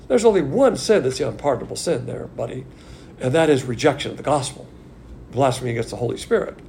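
Blunt gravelly male preacher, lively pitch. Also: fairly quick, a little hiss or hum. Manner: folksy, blunt, rhetorical questions. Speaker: Bible class teacher. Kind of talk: informal sermon. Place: church class streamed on video call.

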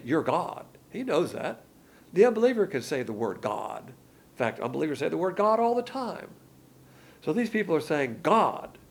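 Husky guy preaching, casual slangy sermon, voice jumps up and down a lot. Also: medium pitch. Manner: colloquial and emphatic, slangy asides.

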